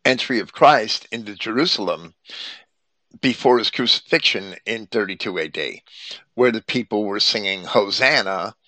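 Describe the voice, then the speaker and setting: A man giving a measured, explanatory Bible commentary that reads as scripted. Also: fairly low pitch, pushed and bright, no echo.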